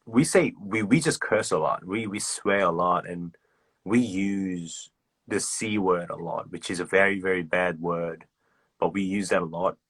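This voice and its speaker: A man's voice: low voice, unhurried, a bit bright, husky, no room sound. A man casually chatting on a livestream, loose and sweary, acting out slang examples. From Australia. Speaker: livestream host. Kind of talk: casual chat.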